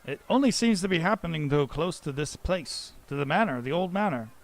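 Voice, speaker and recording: A man voicing a gruff, teasing human father who is working on street lanterns. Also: a little high, expressive, fairly quick, pitched above the performer's own voice. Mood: puzzled. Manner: teasing, blustery.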